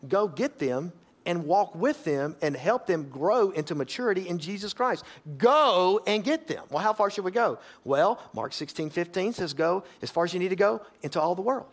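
A male pastor with a high voice preaches an emphatic, folksy sermon, rising to loud exhortation and dropping to quiet asides.

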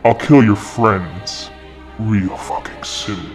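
A man doing a low sneering ape-man brute. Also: slow pace, faint music behind. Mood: mocking. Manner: mocking, sneering taunts. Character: huge brutal ape-man gunner, taunting and cruel.

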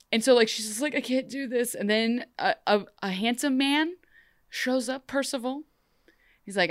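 A young woman co-hosting a podcast recaps a TV episode in casual chat, animated and jokey, slipping into quick funny voices for the characters. Her medium-pitched voice is smooth and clean, recorded close and dry with no room sound.

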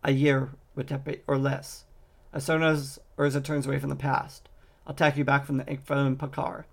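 A man reading a guarded, sharp-tongued woman. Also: medium pitch, level tone, normal speed, gravelly. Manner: plain reading voice, little change from narration.

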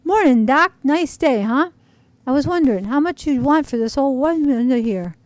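A woman's voice: high-pitched, lively intonation, normal speed, no echo, voice pushed up. A woman voicing a hearty, cheerful father who hunts treasure in a junkyard, in a storybook reading. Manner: hearty and upbeat. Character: cheerful dad who loves junk treasure.

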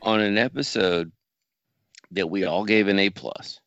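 A man's voice: on the low side, measured pace, fairly bright tone, dry recording, dull audio. A man co-hosting a casual podcast, wry and joking with strong opinions. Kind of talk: casual chat.

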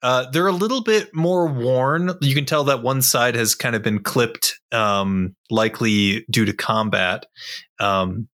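A man describing his character in a tabletop game, thoughtful and unhurried. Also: mid-range voice, a bit bright. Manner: slow, thoughtful with fillers. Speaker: player.

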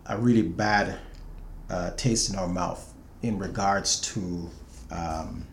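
Slow, low-voiced hesitant man. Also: creaky, a little hiss or hum. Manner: hesitant, many fillers and restarts. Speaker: interview guest, grieving father. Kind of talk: halting conversational speech.

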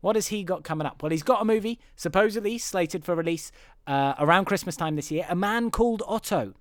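Male podcast host, slightly high, resonant voice, dry room, wry and giggly. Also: a little fast, no echo. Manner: wry, laughs often, rambling asides. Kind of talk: casual film podcast chat.

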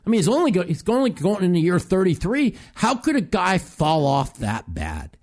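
A man's voice: high voice, wildly swooping pitch, moderate pace, darkish tone. A man hosting a call-in talk show, ranting profanely and animatedly about sports. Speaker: host.

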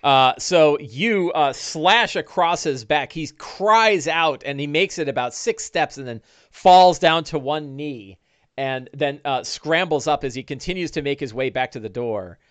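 A man's voice: a little high, unhurried, dry recording. A man running a one-on-one tabletop game as dungeon master, narrating animatedly with many "uh"s. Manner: animated, lots of uh fillers.

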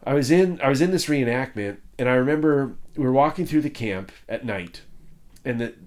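A man hosting a podcast in casual chat, telling self-mocking stories and acting out other people's lines. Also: fairly quick. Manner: animated, self-mocking, acts out quotes in high voices. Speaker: podcast host.

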